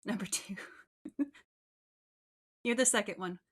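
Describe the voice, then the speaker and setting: A woman hosting a casual livestream interview show, chatty and bubbly and quick to laugh. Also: medium pitch, fairly bright tone. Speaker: host.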